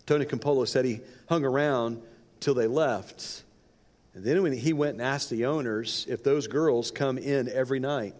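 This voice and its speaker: A man's voice: mid-range voice, a little mellow. A male pastor telling a story during a sermon, dramatic and varying his pace for effect. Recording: long reverb in a large hall.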